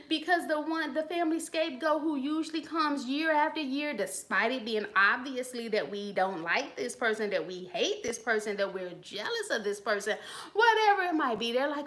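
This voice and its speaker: A woman's voice: high voice, moderate pace, a bit bright. A woman hosting a live stream from her phone, casually and bluntly preaching advice in slangy talk while greeting viewers in the chat. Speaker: channel host giving advice.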